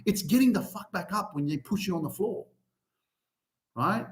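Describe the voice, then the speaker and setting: A man delivers a fired-up motivational podcast rant, swearing freely and hammering his points. His voice sits fairly high and swings widely up and down. The sound carries a noticeable room echo. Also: moderate pace, pauses often. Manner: animated, heavy swearing, emphatic. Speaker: podcast host.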